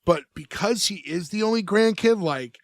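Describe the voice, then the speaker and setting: Young male co-host, slightly high voice, dry close sound, casual recap. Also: animated, moderate pace, no room sound. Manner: recaps scenes, many "like" fillers, acts out quotes. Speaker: podcast co-host. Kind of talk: casual chat.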